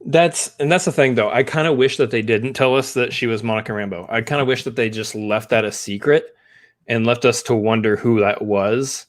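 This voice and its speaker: Casting: male co-host, casual chat, animated scene retelling. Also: mid-range voice. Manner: animated retelling with quick acted-out quotes.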